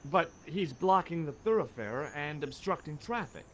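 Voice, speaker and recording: A man's voice: on the high side, expressive, normal speed, a bit bright, a little hiss or hum. An actor playing a wry male adventurer who narrates his own exploits with dry sarcasm.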